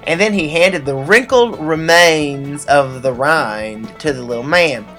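A man's voice: a little high, measured pace, bright, forceful tone, soft background music. A man co-hosting a comedy podcast, telling corny jokes with hammy, mock-sincere showmanship.

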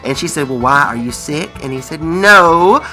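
A man co-hosting a comedy radio show, telling jokes in playful, animated banter. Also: medium pitch, a little fast, faint music behind, rough recording. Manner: animated, playful, breaks into laughter. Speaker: co-host.

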